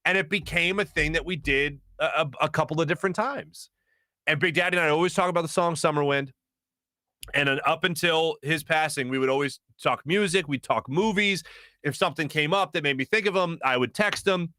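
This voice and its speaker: A man hosting a sports talk show in a studio, telling a story in a lively way and laughing as he acts out what people said. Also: a little high, brisk, no echo. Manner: animated, laughing as he acts out quotes. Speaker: host. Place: radio studio.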